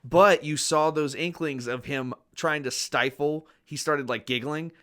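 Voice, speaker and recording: A man with a bright, forward voice chats casually as a podcast co-host. He gets enthusiastic, retells scenes with gusto and swears without a second thought. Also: a little high, measured pace.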